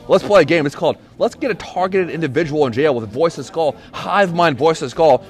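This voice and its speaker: A man ranting alone on a podcast, angry, profane and accusatory, breaking into shouted bursts. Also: fairly high pitch. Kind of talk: solo rant.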